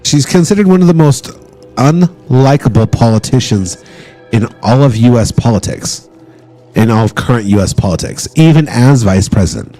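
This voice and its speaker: A man's voice: mid-range voice, animated, moderate pace, mellow, faint music behind. A man chatting casually on a live stream, joking and swearing as he rambles.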